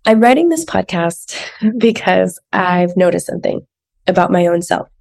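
A woman's voice: mid-range voice, unhurried, gravelly, darkish tone. A woman life coach hosting her own podcast in a chatty, personal way, with frequent asides. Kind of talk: casual solo podcast talk.

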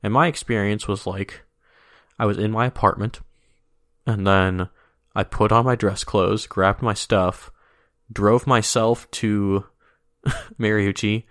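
A man with a fairly low voice co-hosting a podcast. He talks in loose, rambling chat, full of "like"s, restarts and quick laughs. The sound is dry and close, with no room. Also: fairly even intonation, fairly bright tone, no echo. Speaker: podcast co-host. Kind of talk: casual chat.

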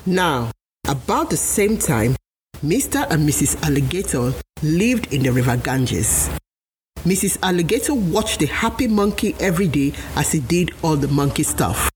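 A woman hosting a storytelling show, narrating a children's tale in a slow, expressive way. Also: low-pitched, slight background noise. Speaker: storytelling host.

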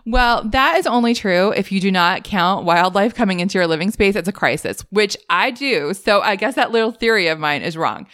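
A young adult woman hosting a podcast, telling her own stories in a casual, animated way with frequent laughs. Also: moderate pace, few pauses, dry recording, studio quality. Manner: animated, laughs often, rises high when retelling panic. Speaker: podcast host. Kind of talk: casual storytelling monologue.

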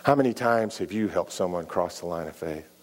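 A man's voice: sits low, a little fast. A middle-aged man, a pastor, telling a personal story in a sermon, stumbling over restarts and acting out the dialogue. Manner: animated and repetitive, many restarts, acts out dialogue.

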